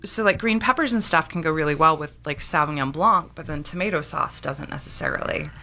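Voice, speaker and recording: A woman's voice: low-pitched, brisk, creaky, sharp tone. A woman talking casually about wine pairings and thinking aloud as she goes. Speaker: wine guest. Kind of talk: casual chat.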